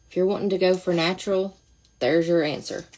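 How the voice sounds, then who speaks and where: A woman's voice: on the low side, steady tone, brisk, a little mellow. A woman talking casually through a makeup demonstration, chatty and thinking aloud as she goes. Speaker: makeup seller demonstrating products.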